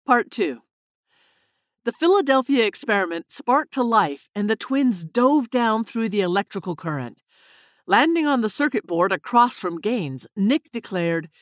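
A woman narrating a children's story with an expressive reading voice. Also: medium pitch, a little slow, dry recording, studio quality.

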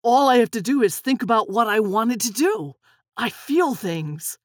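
A woman voicing an excited, brash teenage boy twin. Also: on the high side, a little slow, no echo, studio quality. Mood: boastful.

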